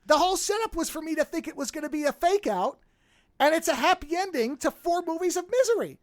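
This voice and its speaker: A man hosting a podcast in casual chat, retelling a movie plot with lively acted-out lines and frequent swearing. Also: very high voice, quick pace, no echo, clean studio sound. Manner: animated storyteller, acts out movie characters, swears freely. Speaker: podcast host.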